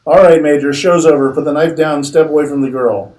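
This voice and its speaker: A man voicing a determined male army captain who speaks gruffly and bluntly. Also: mid-range voice, steady tone, quick pace, dark tone, echoey room, distant mic, natural voice, low-quality recording. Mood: shouting.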